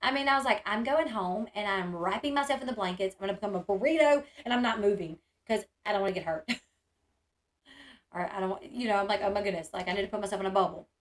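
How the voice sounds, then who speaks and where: A woman's voice: medium pitch, fast talker. Woman on a livestream, chatty, says like and um a lot. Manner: chatty, reads chat aloud, lots of "like" and "um". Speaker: streamer. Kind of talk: casual livestream chat.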